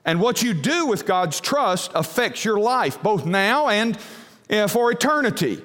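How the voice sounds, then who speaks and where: A man's voice: high voice, sing-song, unhurried, fairly bright tone. Male pastor preaching, folksy, lots of uh's, big echoey church. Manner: folksy, with frequent uh fillers and repeats. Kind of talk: sermon. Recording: long hall reverb.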